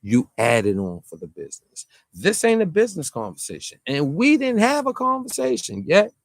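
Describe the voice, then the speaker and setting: A man's voice: very animated, normal speed, dry recording. A man ranting casually to camera as a vlogger, rambling and slangy. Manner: rambling, slangy, pitch jumping up and down. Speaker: vlogger reacting to a track.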